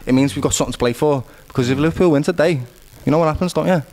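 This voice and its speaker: A man with a Scouse accent bantering excitably about football, dropping "lad" and "mate.". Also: on the high side, very fast. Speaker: panelist.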